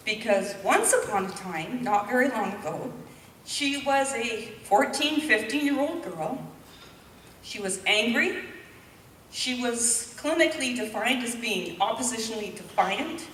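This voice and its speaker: A woman's voice: fairly high pitch, expressive, unhurried, a bit bright, a little hiss or hum. A woman in her fifties from Canada, a nurse and mother, telling a candid personal story to an audience at a public presentation. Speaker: public speaker. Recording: echoey hall, mic from a distance.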